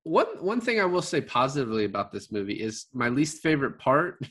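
A man's voice: mid-range voice, big pitch swings, brisk, a bit bright, breathy edge. A man talking casually about a movie he watched, rambling with lots of fillers and restarts. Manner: rambling, many fillers and restarts, laughs often. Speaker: podcast co-host. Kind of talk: casual movie review chat.

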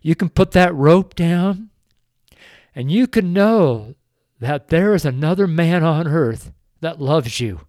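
An older man preaches at an unhurried pace, his voice pitched a little above most men's. He pleads earnestly and is tearful throughout, and the recording is dry and close, with no room sound. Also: lively intonation, a little mellow, no echo. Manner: slow, earnest, pleading, with drawn-out emphasis. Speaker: street preacher. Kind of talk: emotional radio sermon.

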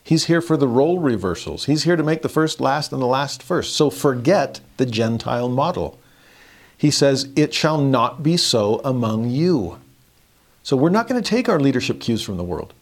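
A man teaching a verse-by-verse scripture lesson in a conversational way, chuckling often and rising in pitch for emphasis. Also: very animated, moderate pace.

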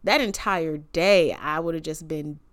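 A woman's voice: deep voice, unhurried. Chatty young woman podcaster. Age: 20s. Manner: chatty, slangy, emotional and reverent. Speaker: podcast host. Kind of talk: casual devotional podcast monologue.

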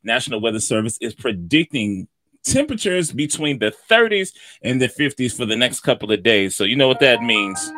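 A man from Atlanta co-hosting a morning show, giving the weather in a loud, hyped-up way and calling everyone "man". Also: medium pitch, big pitch swings, normal speed, slight background noise. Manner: loud hype delivery, calls everyone man. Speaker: co-host doing the weather. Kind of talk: casual morning show banter.

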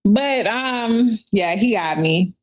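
A woman in her thirties telling a story casually as a podcast guest, animated and profane, filling her talk with "like". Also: medium pitch, slow pace. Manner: animated, profane, heavy use of "like".

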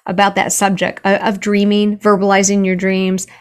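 A woman's voice: medium pitch, monotone, moderate pace, smooth. An earnest woman author telling stories as a guest, often restarting her sentences. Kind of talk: conversational interview.

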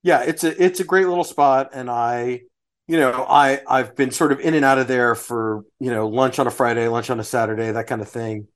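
Man hosting a food podcast, unhurried. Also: mid-range voice. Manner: relaxed, restarts phrases while listing dishes. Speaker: podcast host. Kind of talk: casual chat.

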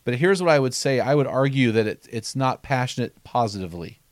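A man's voice: medium pitch, animated, fairly quick, no room sound. Earnest man telling stories, dry sound. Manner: earnest storyteller who reads quotes aloud; frequent restarts and repeated words. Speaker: author and podcast host. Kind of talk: conversational podcast teaching with stories.

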